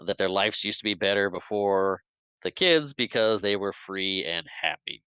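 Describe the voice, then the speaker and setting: A man with a lowish, smooth and resonant voice is recapping a film for his podcast. He tells it casually and lively, slipping into the characters' lines and laughing along. The sound is dry and close, with no room around it. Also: normal speed, no room sound, rough recording. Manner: animated retelling, acting out characters' lines with laughs. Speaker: podcast host. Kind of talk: casual movie recap chat.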